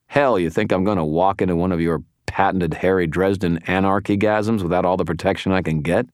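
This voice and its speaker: A guarded vampire brother who keeps his words low and clipped, voiced by a man reading. His voice sits very deep, a touch quieter than the narration. The recording is dry and close. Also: fairly even intonation, fairly quick, dry recording, lightly acted.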